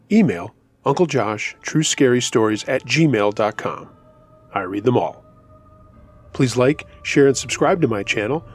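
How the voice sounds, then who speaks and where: With a breathy edge to his voice, this storytelling-channel host narrates true scary tales from a script, keeping his delivery even and subdued.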